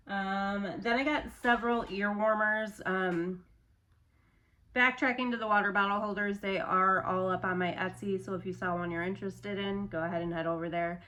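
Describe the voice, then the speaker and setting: A woman's voice: mid-range voice, fairly even intonation, moderate pace, sharp tone. A young adult woman in casual chat, showing her handmade stock in a loose, rambling way with lots of fillers.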